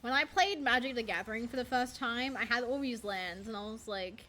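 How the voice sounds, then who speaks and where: A woman's voice: a little high, a little fast, sharp tone, a little hiss or hum. A young woman streaming a card game, chatting in a rambling, self-deprecating way and swearing casually. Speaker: VTuber streamer. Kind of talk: casual gaming stream chat.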